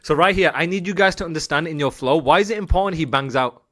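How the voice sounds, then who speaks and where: A man, an esports coach, breaking down gameplay for viewers in an excitable, repetitive, profane way, joking as he goes. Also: fairly high pitch, fast. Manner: laughs and jokes while analysing.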